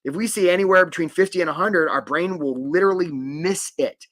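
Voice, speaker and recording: Male career coach, middle-aged, conversational webinar delivery, slightly high voice. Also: brisk. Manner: animated, conversational, many "right?" tags. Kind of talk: live webinar teaching.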